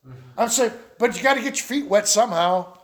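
A man's voice: high voice, a little fast. A man preaching a sermon. He tells folksy stories with laughs and asides. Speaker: pastor.

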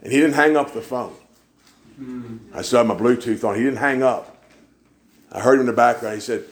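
A man's voice: mid-range voice, brisk, long pauses, slight background noise. A man, preaching in a church and telling folksy stories, acting out the people he quotes. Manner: folksy storyteller, acts out quoted voices. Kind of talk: sermon storytelling.

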